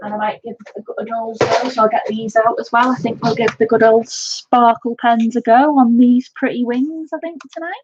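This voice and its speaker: A woman's voice: a little high, fairly even intonation, normal speed, few pauses, background noise. A woman colouring on a live stream, chatting fondly and greeting viewers by name. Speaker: livestream colouring host. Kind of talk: casual live-stream chat while colouring. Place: home. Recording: dull, lo-fi home stream audio.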